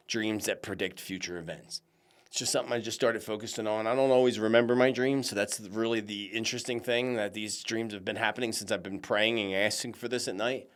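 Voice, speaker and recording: A man hosting a psychic predictions show, talking casually and animatedly to his viewers, whom he calls friends. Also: lowish voice. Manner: chatty, animated, addresses listeners as friends.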